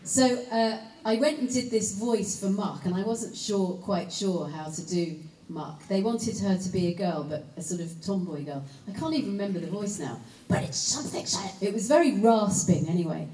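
A woman's voice: mid-range voice, moderate pace, hardly any pauses, warm tone. Woman, actress on a panel, chatty, rambling, lots of fillers, roomy hall, faint background hum. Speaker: actress and voice actor. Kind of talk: convention panel answers. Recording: roomy hall, distant mic, faint ambience.

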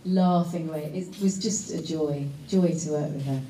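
An actress answering panel questions in a chatty, rambling way, full of fillers and asides. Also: female voice, deep voice, moderate pace, mellow, a little hiss or hum. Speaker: actress and voice actor. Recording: roomy hall, distant mic, faint ambience.

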